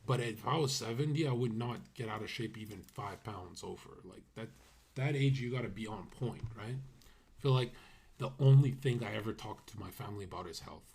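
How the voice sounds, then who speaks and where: Young man, husky voice, brash profane livestream talk, laughs a lot. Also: on the low side, a little fast, darkish tone. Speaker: streamer and host. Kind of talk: casual livestream commentary.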